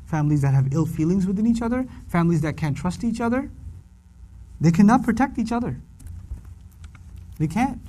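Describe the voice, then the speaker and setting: A middle-aged man giving a humorous religious lecture, animated and repeating lines for emphasis. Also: high voice. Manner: animated, acts out quoted voices, repeats for emphasis. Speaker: Quran teacher.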